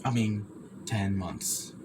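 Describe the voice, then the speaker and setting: A young man reviewing food in a casual vlog, talking haltingly, stumbling over words and repeating himself. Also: fairly low pitch, noisy background.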